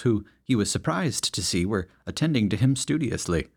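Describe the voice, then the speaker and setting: A man's voice: fairly low pitch, animated, moderate pace, hardly any pauses, slightly rough. A man narrating a western story in a wry storytelling manner. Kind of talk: audiobook narration.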